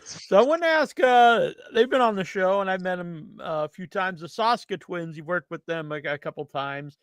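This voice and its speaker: A man's voice: high voice, animated, moderate pace, fairly bright tone, smooth, dry recording, studio quality. A man hosting a podcast interview, asking loose questions with lots of fillers. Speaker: podcast host. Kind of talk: casual interview chat.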